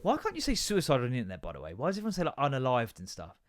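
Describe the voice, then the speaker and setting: A man's voice: medium pitch, wildly swooping pitch, racing, dry recording, clean studio sound. A young man hosting a podcast, ranting casually and swearing a lot as he rambles between asides. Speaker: podcast host. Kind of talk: casual comedic rant.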